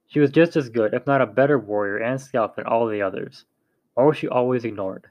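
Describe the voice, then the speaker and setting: A man's voice: medium pitch, a little fast, a little mellow, no echo. A man narrating a novel aloud in a plain reading voice with small slips and restarts.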